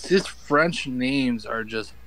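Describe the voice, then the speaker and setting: A man's voice: mid-range voice, lively intonation, bright, forceful tone, slight background noise, rough recording. A man in a casual chat, stumbling over hard names as he reads and making offhand jokes. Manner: slow, stumbles over names, laid-back. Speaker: podcast co-host.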